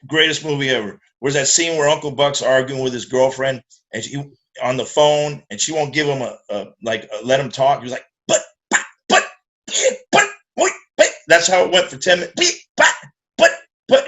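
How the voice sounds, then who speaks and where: A middle-aged man telling a profane, animated story in casual chat and acting out the voices of the people in it. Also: mid-range voice, brisk, few pauses. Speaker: guest musician.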